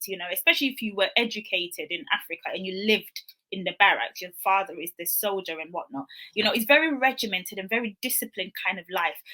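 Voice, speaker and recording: A woman's voice: mid-range voice, sharp tone. A young adult woman giving an earnest, conversational motivational talk on wellness, acting out the dialogue she quotes. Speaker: wellness speaker.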